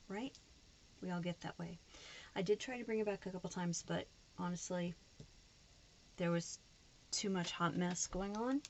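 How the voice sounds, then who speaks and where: A woman's voice: lowish voice, gravelly, a little hiss or hum. A woman chatting casually to camera while she decorates her planner, frank and a little frustrated. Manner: chatty, frustrated, slips into put-on voices. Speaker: planner vlogger.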